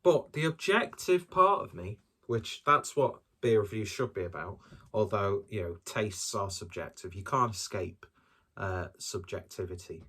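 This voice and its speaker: A man's voice: fairly low pitch, expressive, a little slow, fairly bright tone, husky. A man doing a casual solo beer review, talking in a rambling, hesitant and self-deprecating way.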